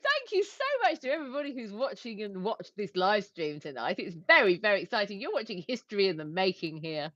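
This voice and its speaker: A woman's voice: mid-range voice, lively intonation, quick pace, hardly any pauses, fairly bright tone, dry recording, muffled recording. A woman co-hosting a casual livestream, giggling as she reads viewer comments aloud. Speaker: livestream co-host.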